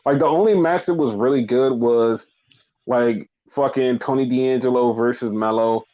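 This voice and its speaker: A man's voice: medium pitch, normal speed, warm tone, dull audio. A man hosting a podcast, recapping in a blunt, profane, rambling casual chat. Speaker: podcast host.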